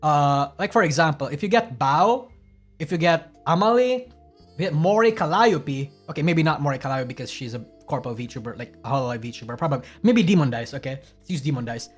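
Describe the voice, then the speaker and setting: A man's voice: on the high side, animated, brisk, soft background music. A man casually commenting as a streamer reacting to clips, profane, rambling and self-deprecating.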